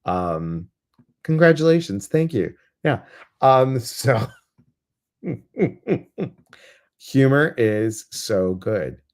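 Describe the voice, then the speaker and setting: In a lowish, animated voice, a male meditation host runs a live guided session. Viewer comments get read aloud with plenty of chatter and quick laughter, after which he shifts into gentle, soothing guidance.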